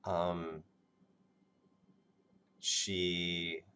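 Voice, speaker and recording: A man narrating as game master of a tabletop game, halting and restarting as he goes. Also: deep voice, level tone, pushed and bright, clean tone.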